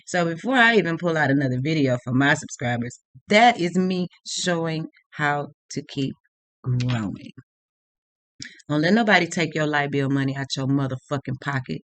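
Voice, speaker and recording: A woman's voice: low-pitched, animated, moderate pace, no room sound. A woman tarot reader delivering an unscripted rant to her viewers, blunt and heavily profane, laughing now and then at her own points.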